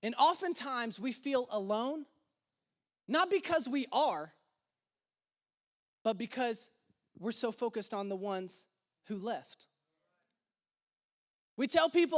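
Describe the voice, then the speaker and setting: Male pastor, high voice, casual storyteller who punches key lines. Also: slow pace, long pauses. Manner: casual storytelling, animated emphasis. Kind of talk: sermon.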